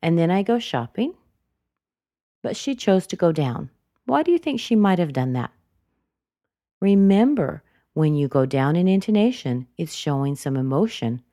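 A woman teaching English intonation, repeating single words slowly to show how they rise and fall. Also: low voice, sing-song, warm tone, no echo, studio quality. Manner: slow and deliberate, repeating words to model intonation. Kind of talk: explaining intonation.

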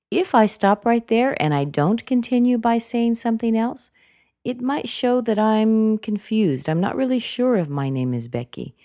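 Female pronunciation teacher, low mellow voice, dry close sound, careful demonstrations. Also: dry recording. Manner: clear, deliberate demonstrations of intonation. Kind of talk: spoken lesson.

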